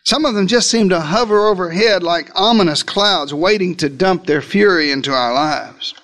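High-voiced man preaching a sermon. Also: fairly bright tone. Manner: dramatic, quotes cries in a slowed voice.

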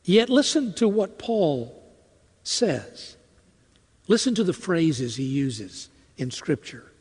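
A man with a high, light voice preaches with earnest feeling, repeating phrases as he drives his point home. His words ring out with a long reverb, as if spoken in a large hall. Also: very animated, slow, a little mellow, slightly rough. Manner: earnest, rising to impassioned emphasis, with repetitions. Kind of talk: sermon.

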